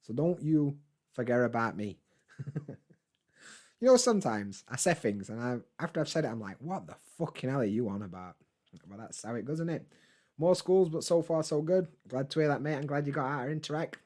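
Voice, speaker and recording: A man chatting casually on a live stream, reading and answering chat comments in a relaxed, swearing, laughing way. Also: on the high side, brisk. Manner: laid-back, chatty, swears freely, laughs often.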